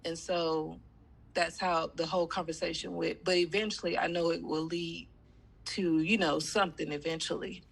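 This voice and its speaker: A woman's voice: fairly low pitch, level tone, moderate pace, vocal fry, husky. A woman with a slight cold, talking in a rambling way with many fillers as a student on a video call. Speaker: student in a coaching class. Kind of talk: casual chat.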